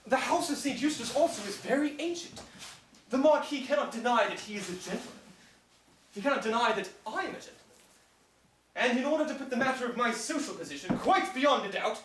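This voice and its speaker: An actor in a live stage play playing a witty, theatrical gentleman plotting a scheme. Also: medium pitch, animated, fairly quick, close to an everyday voice. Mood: scheming. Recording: echoey stage from far, noisy.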